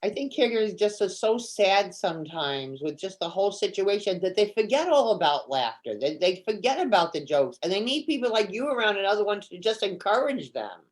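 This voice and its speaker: A woman's voice: mid-range voice, very animated, fairly quick, hardly any pauses. Lady radio host, lots of ups and downs in her voice, agreeing and cheering her guests on. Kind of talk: radio interview.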